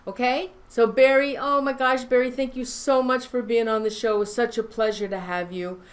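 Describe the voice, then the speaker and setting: A woman's voice: fairly high pitch, fairly even intonation. Rambling woman hosting a live stream. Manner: rambling, halting with many fillers. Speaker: show host. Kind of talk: casual live-stream talk.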